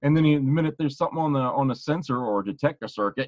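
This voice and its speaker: A man's voice: mid-range voice, racing, hardly any pauses, darkish tone, dry recording, highs cut off. A man co-hosting a podcast in casual, rambling chat, often restarting his phrases. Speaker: podcast co-host.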